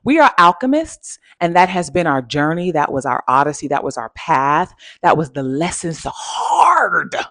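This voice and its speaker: A woman's voice: low-pitched, animated, normal speed, few pauses, a bit bright, no echo. A woman giving an emphatic, repetitive motivational talk as a spiritual coach, using pet names and a preacher-like cadence. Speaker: spiritual coach and channel host.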